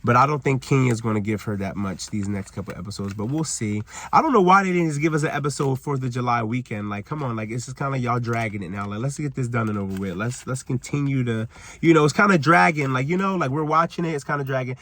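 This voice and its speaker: A TV recap vlogger talks fast in a medium-pitched, fairly bright voice, rambling casually outdoors about a reality-TV episode. He fills his talk with "like" and "you know," speaking to viewers through a held or propped-up camera.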